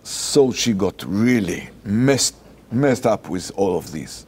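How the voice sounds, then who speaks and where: With a lowish, slightly rough voice, a rabbi being interviewed tells a personal anecdote. His English is animated but halting and non-native, carrying an Israeli accent.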